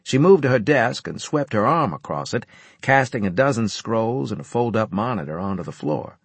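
A man reading a first-person audiobook narration in a measured, wry storytelling manner. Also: on the low side, big pitch swings, breathy edge, no room sound.

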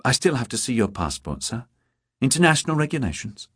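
Man doing a prim young receptionist, high pitch, lilting, polite, dry audio. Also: sing-song, a bit bright, breathy edge, dry recording. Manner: polite, briskly formal.

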